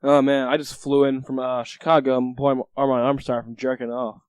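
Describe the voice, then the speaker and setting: A man's voice: medium pitch, little pitch movement, brisk, a little mellow, clean tone. A teenage man co-hosting a casual podcast, giggling, echoing his friend and cracking crude jokes. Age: teens. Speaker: podcast co-host. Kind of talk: casual chat.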